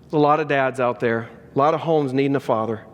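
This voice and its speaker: A man's voice: mid-range voice, fast talker, muffled recording. A man pastor preaching a sermon with earnest, emphatic repetition. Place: church sanctuary. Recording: long reverb of a large church hall.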